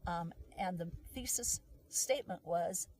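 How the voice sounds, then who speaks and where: A middle-aged woman guest explaining something step by step in a casual talk, acting out quoted lines loudly. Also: fairly low pitch, a little slow, dry recording. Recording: voice from some distance off the mic.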